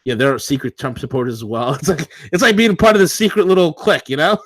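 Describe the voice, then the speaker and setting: A man's voice: fairly high pitch, quick pace, no echo. A man co-hosting a political talk show, ranting combatively and sarcastically.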